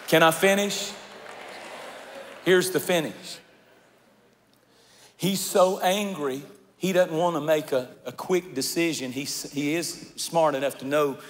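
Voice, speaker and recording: Male preacher, high voice, slow delivery, big church reverb, faint background music. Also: slight background noise. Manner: preaching, swings from shouted declarations to hushed storytelling. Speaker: pastor. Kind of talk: sermon. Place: large church.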